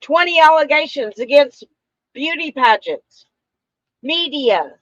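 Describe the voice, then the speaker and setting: A woman with a high voice co-hosts a loose political chat, pressing her points hard and repeating words for emphasis. The sound is close and dry, a little dull in the top end. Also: lively intonation, measured pace, no room sound. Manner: emphatic, insistent, repeats phrases. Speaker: co-host.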